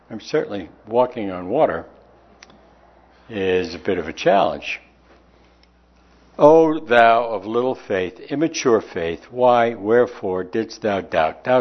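A man preaching a sermon in a folksy, conversational way, slowing down to stress key words. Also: fairly low pitch. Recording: dull lo-fi recording.

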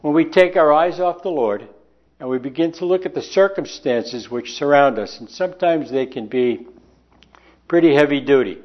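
A man preaching a sermon in a folksy, conversational way, slowing down to stress key words. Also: fairly high pitch. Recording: dull lo-fi recording.

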